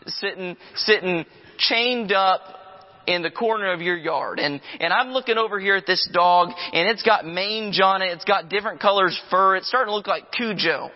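A man preaching a sermon, emphatic and repetitive, telling vivid stories to make his point. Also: high-pitched. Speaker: pastor. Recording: dull sound with long reverb.

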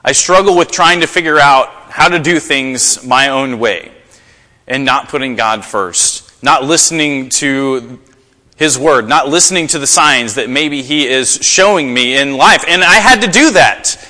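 A man preaching a sermon to a congregation, telling stories in an animated way. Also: a little slow, in a large hall. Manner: animated storytelling, rising pitch in acted quotes. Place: church.

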